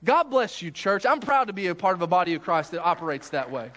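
A man's voice: high voice, big pitch swings, fast talker, sharp tone. A man preaching a sermon as pastor, in a folksy, conversational way with many restarts.

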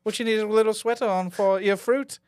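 A man's voice: high-pitched, steady tone, brisk, darkish tone, smooth, no room sound, studio quality, pitched above the performer's own voice, lightly acted. A man putting on the voice of a smug male British stand-up comic, in a mock-cute, singsong delivery.

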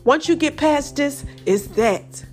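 A woman's voice: high-pitched, expressive, slow pace, a little mellow, soft background music. A woman hosting her own podcast, chatting casually and calling her listeners y'all and baby. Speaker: podcast host. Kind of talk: casual solo podcast talk.

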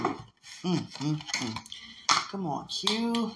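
A woman's voice: sits low, lively intonation, takes it slowly, long pauses, background noise. A woman hosting a podcast in casual livestream chat, effusive and affectionate and laughing often. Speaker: podcast host.

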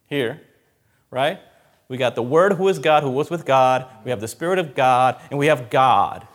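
Man, preacher, sermon, emphatic, repeats phrases, somewhat high voice. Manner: emphatic, repeats key phrases, rises and drops in loudness.

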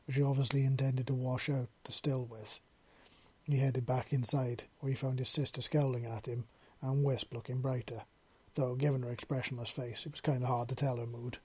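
A man narrating a story in a measured, unhurried reading. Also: medium pitch, darkish tone, breathy edge.

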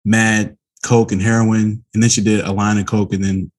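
Husky low-voiced man chatting. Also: normal speed. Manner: relaxed, rambling, blunt. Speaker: podcast co-host. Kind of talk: casual chat.

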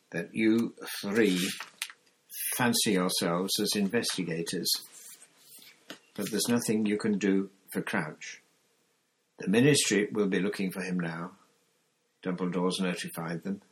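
A man reading a book aloud, voicing a gruff, grizzled old male wizard veteran with a growling manner. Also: deep voice, steady tone, unhurried, pauses often, a little hiss or hum, rough recording.

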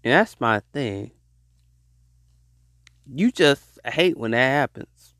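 A man hosting a podcast, ranting in an animated, preachy monologue, repeating his points. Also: medium pitch, slow pace, no echo, studio quality. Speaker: podcast host.

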